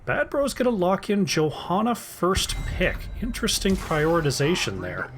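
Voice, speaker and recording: A man's voice: sits high, huge pitch swings, normal speed, fairly bright tone, slight background noise. A man casting an esports draft solo, chatty and casual, talking to his chat between picks. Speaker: esports caster.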